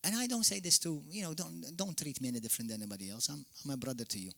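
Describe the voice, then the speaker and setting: Forceful, bright-voiced pastor preaching. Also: male voice, a little high, rapid-fire, creaky. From Malta. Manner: forceful, shouting peaks and sudden drops. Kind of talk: fiery sermon. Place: church hall.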